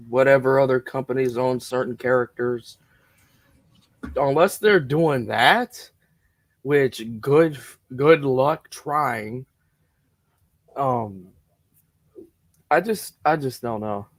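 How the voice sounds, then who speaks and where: A man's voice: medium pitch, no room sound. A man joining a casual movie podcast as a guest, slangy and emphatic in his opinions. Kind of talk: casual movie chat over a video call.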